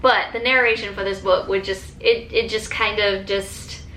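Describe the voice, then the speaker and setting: Bright-voiced chatty woman in an echoey room. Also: mid-range voice, fairly even intonation, moderate pace, a little hiss or hum. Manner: enthusiastic, chatty, many fillers and restarts. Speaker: book vlogger. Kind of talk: casual chat.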